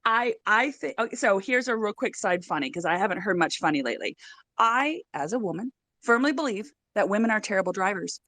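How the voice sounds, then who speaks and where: A woman in a casual call-in chat, telling a joke with lively storytelling. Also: mid-range voice, fairly quick, no echo. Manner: animated storytelling joker.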